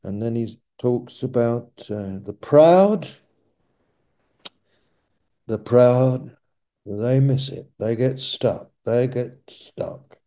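Male preacher, sermon, very slow delivery, emphatic repetition, mellow tone. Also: mid-range voice. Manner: slow, emphatic, repeats key phrases.

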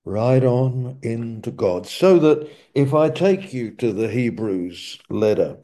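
A man preaching a sermon, speaking slowly and emphatically and repeating key phrases for weight. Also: mid-range voice, animated, dark tone.

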